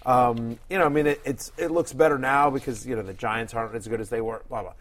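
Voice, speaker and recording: Hosting a fantasy football show, a man with a mid-range voice talks fast in casual sports chat. He's an animated storyteller who rambles through long stories and laughs often.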